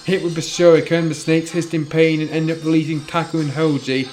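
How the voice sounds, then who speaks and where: A man narrating a fan story aloud, stumbling and correcting himself as he reads. His voice sits a little high, and faint music plays behind him. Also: little pitch movement, fairly quick, a little mellow. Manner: plain reading with slips and self-corrections.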